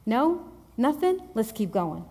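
A woman's voice: fairly high pitch, very animated, slow, warm tone, full character voice. A woman preacher voicing God as a stern, demanding male figure who fires off challenging questions. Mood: commanding.

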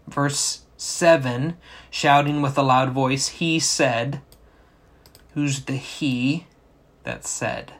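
Slow-spoken man preaching. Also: mid-range voice. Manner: slow, explanatory, asks rhetorical questions. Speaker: pastor. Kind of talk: sermon.

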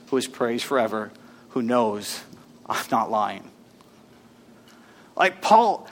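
A male pastor preaching a sermon in a conversational, animated way, reading scripture aloud to his congregation. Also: sits high, normal speed.

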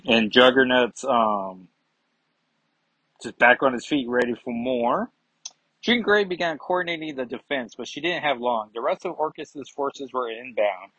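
A man's voice: mid-range voice, a little slow, pushed and bright, husky, dry recording. A man giving a chatty, rambling comic book review, with self-mocking asides. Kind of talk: casual review vlog. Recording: dull lo-fi sound.

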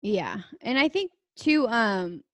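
A woman's voice: a little high, very animated, slow, no echo. A young woman co-hosting a podcast, talking in a casual, earnest way with lots of fillers. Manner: earnest, chatty, many fillers. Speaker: podcast co-host. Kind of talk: casual chat.

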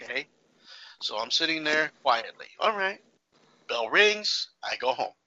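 A man telling a casual story in an animated way, acting out the people in it. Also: on the high side, unhurried, dull audio. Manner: animated, acts out the characters. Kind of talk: casual anecdote.

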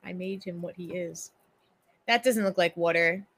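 A woman's voice: fairly low pitch, normal speed, slight background noise. A woman co-hosting a podcast, playful and teasing in casual chat. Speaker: podcast co-host.

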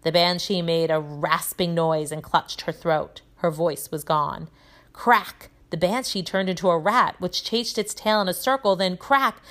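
A woman teacher reading a children's novel aloud, telling it in a lively way with voices for the characters. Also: on the low side, normal speed, few pauses.

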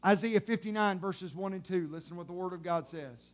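A man preaching a sermon in a very high, bright-sounding voice. He talks in a loose, colloquial way and acts out what God says. His delivery swings from loud outbursts to soft, hushed passages. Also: brisk, hardly any pauses. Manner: dramatic and animated, swinging from shouts to hushed tones.

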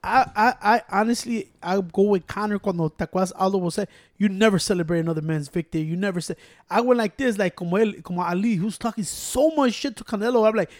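A man in casual sports chat, talking fast and excitably with slang, switching between English and Spanish mid-sentence. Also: high-pitched.

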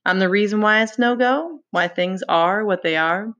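A woman voicing a taunting, sinister male pig's-head beast in a dramatic read-aloud, slow and deliberate. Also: medium pitch, a bit bright, natural voice. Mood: taunting menace. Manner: mocking, menacing, slow and deliberate.

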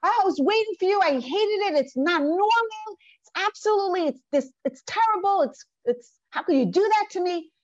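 A woman voicing a distraught wife who lashes out at her husband with rapid accusing questions. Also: very high voice, expressive, no echo, lo-fi sound, pitched above the performer's own voice. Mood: upset.

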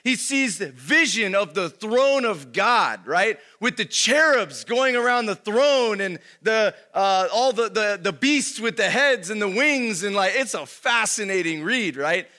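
A man's voice: high-pitched, lively intonation, unhurried, few pauses, bright, forceful tone. A young adult man giving a casual sermon, talking conversationally, full of fillers and constantly checking in with "right?". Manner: conversational, keeps asking "right?", lots of fillers. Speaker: pastor.

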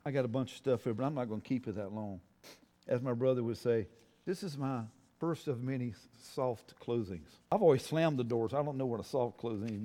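High-voiced preacher in an echoing hall. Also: male voice. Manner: folksy preaching, calls on the congregation to answer, builds to loud emphatic peaks. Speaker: pastor. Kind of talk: sermon. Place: church. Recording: long reverb of a church hall.

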